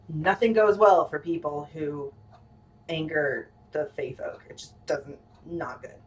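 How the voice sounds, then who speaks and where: A woman's voice: fairly low pitch, recorded from a distance, poor audio. A woman giving a casual music lesson, chatty and full of ums and restarts, with playful asides and piano playing between her words. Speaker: music teacher.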